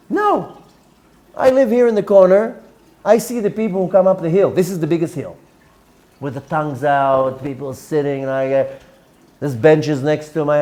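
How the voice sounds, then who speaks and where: A man's voice: high-pitched, a little mellow. A man, a rabbi giving an earnest religious lecture, often repeating words and mixing in Hebrew terms.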